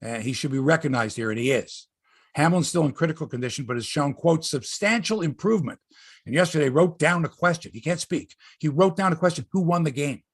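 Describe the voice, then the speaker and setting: A man's voice: on the high side, fast, husky, no echo, clean studio sound. A man hosting a sports podcast, telling rambling, profane stories in casual chat.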